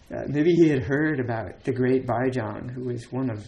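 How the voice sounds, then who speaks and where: A man's voice: mid-range voice, normal speed, hardly any pauses, a little mellow, slight background noise. A man giving a dharma talk as a Zen teacher, casual and chatty, with many fillers and laughs between points.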